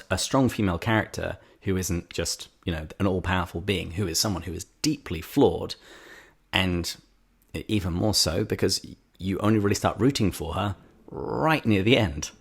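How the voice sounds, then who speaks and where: English male podcast host, very low husky voice, emphatic and opinionated. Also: moderate pace. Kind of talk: casual chat. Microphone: video call.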